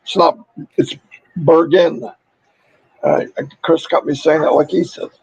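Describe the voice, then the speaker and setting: High-voiced man hosting a livestream, voice going. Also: huge pitch swings, normal speed, gravelly, breathy edge, no echo, low-quality recording. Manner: upbeat, chatty, rattles off names. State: losing his voice. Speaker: livestream host. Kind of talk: casual livestream chat reading viewer shout-outs.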